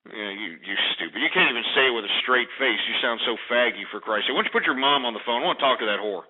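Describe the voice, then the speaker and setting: A man's voice: mid-range voice, lively intonation, fast talker. A man hosting a call-in radio show, ranting with profanity and insults at callers. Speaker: radio talk show host. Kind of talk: call-in talk radio rant. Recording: tinny phone-like radio archive.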